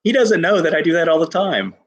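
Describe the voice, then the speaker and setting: Enthusiastic husky male teacher. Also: a little high, big pitch swings. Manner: enthusiastic, reads lines slowly and stresses syllables. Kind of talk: poetry lesson to a class. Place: classroom.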